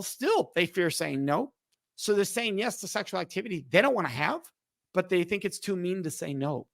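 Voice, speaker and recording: A man's voice: sits high, creaky, no echo. A middle-aged man and podcast guest, explaining emphatically and acting out quoted dialogue in conversation. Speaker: podcast guest, speaker on respect.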